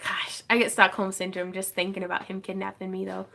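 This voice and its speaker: A woman's voice: medium pitch, completely flat delivery, a little fast, gravelly, sharp tone. A woman hosting a casual craft livestream from her home craft room, chatting, laughing often and reading viewer comments aloud.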